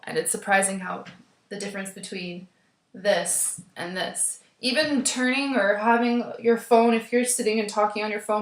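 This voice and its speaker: Recorded through a desk webcam, a woman teacher delivers a class lecture from a chair in an echoey, roomy indoor space. She speaks at a middle pitch in a steady, instructive manner, often pausing on "um."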